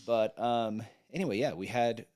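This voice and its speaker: A man's voice: mid-range voice, normal speed, darkish tone, dry recording. A man in his thirties co-hosting a casual podcast chat, rambling and jokey, often trailing off and restarting. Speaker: podcast co-host.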